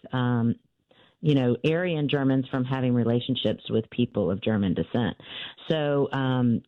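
A woman's voice: very deep voice, no room sound, muffled recording. A woman author telling her family's story in an interview, earnest and full of fillers and restarts.

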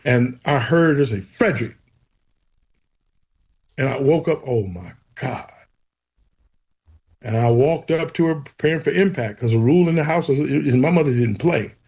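A man's voice: on the high side, brisk, hardly any pauses, husky. A man, telling his faith testimony as an interview guest and acting out the voices in it. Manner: animated storyteller, acts out quoted voices. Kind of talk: storytelling testimony.

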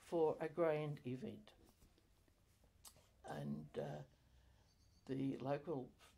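An older woman recalling her community life in an oral history interview, halting with many fillers and self-corrections. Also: sits low, big pitch swings, gravelly, mellow, slightly rough.

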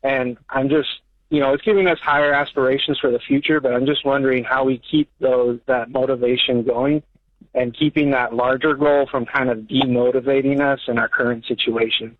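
A man's voice: mid-range voice, level tone, brisk, no room sound. A nervous man phones in to a radio advice show, his voice thin and tinny over the line. He speaks hesitantly, stumbling through fillers as he explains himself. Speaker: caller. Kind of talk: call-in question.

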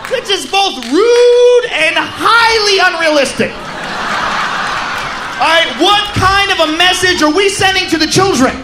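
A man doing stand-up comedy, blunt and profane, building up to shouting. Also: extremely high pitch, lively intonation, unhurried. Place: live comedy venue with laughing audience. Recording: live stage recording with crowd noise.

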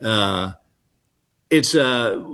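A man's voice: lowish voice, extremely slow. A man, a comedian telling self-deprecating stories as an interview guest. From Texas. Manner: relaxed, anecdotal, self-deprecating. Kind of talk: storytelling interview chat. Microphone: phone call-in.

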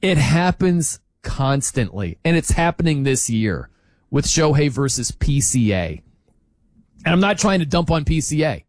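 A man hosting a sports talk show, arguing his point in an incredulous, animated rant with laughs between points. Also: on the high side, measured pace, dry recording, rough recording.

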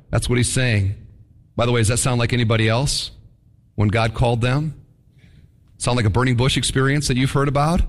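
A man preaching a sermon in an animated, conversational storytelling manner. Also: mid-range voice, a little fast, pauses often, in a large hall. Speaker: pastor.

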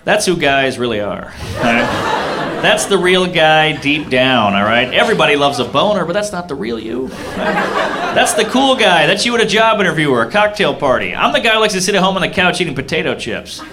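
A man's voice: on the high side, very animated, brisk. A man performing a stand-up routine with a confiding, punchy delivery. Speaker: stand-up comedian. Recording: noisy live club with loud crowd laughter.

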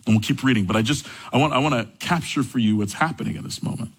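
A young man preaching a sermon, reading scripture and telling stories from his own life in a conversational, animated way. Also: medium pitch, fast, breathy edge. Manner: conversational storytelling, rising animated when excited. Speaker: pastor.

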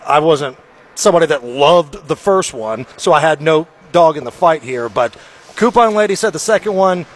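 A man hosting a morning radio show, telling stories in a chatty, animated way. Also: fairly high pitch, moderate pace. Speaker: radio host. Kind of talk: casual morning radio banter.

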